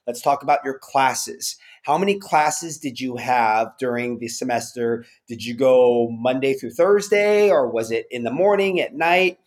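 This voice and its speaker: A man's voice: mid-range voice, unhurried, few pauses. A man hosting a podcast, asking his guest long, conversational questions in several parts. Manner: conversational, asks long multi-part questions. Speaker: podcast host. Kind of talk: interviewing a guest.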